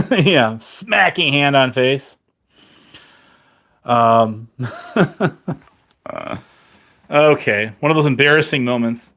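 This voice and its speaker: A man with a mid-range, fairly bright voice chats with viewers on a live stream, rambling and poking fun at himself. He restarts haltingly and laughs often, his mouth dry and his voice turning crackly.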